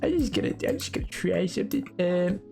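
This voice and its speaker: A young man streaming a game, chatting casually with viewers and telling stories in an animated way with frequent laughter. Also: sits high, quick pace, creaky, soft background music. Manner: animated storytelling, laughs often, mocking voices. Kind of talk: casual live-stream chat while gaming.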